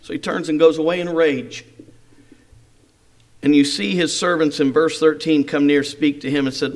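A middle-aged man preaching a sermon, telling a story with lively rhetorical questions. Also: a little high, moderate pace.

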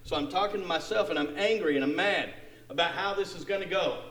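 A man preaching with a high-pitched voice, animated, acting out the story and quizzing his listeners. His voice rings in an echoey room. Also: fairly quick. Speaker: pastor. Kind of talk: sermon.

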